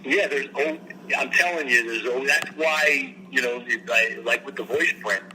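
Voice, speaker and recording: A man talks in a loose, storytelling way, and his voice has a sharp, bright edge. He sounds animated as he describes people he has worked with. A faint hiss sits under the recording. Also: medium pitch, normal speed, rough recording. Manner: animated, slips into impressions. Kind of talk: casual storytelling chat. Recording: faint background noise.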